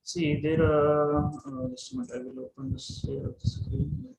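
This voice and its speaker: A man giving an online lecture over a video call, talking haltingly with many fillers and restarts. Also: fairly high pitch, lively intonation, vocal fry, darkish tone. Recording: echoey room with noise.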